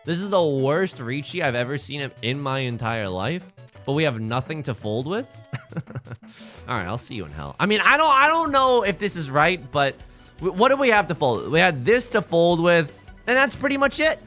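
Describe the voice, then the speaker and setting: A man's voice: on the high side, sing-song, normal speed, pushed and bright, soft background music. A young man streaming from home, giving casual, jokey game commentary in a theatrical, self-mocking way.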